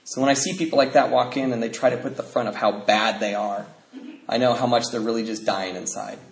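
A man's voice: medium pitch, steady tone, a little fast, creaky. A man telling a personal recovery story at a meeting, rambling with restarts and acting out other people's lines. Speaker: speaker sharing a recovery story. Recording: roomy echo, faint noise.

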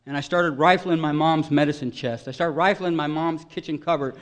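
A man's voice: fairly high pitch, brisk. Earnest man sharing his recovery story. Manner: earnest, emotional storytelling, voice swelling loud at peaks. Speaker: recovery meeting speaker. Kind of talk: personal recovery testimony.

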